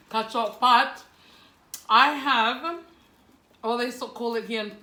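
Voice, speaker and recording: A Fijian woman in casual chat over a meal, playful and teasing, with quick comments. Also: on the high side, sharp tone. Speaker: co-host. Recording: echoey room with faint noise.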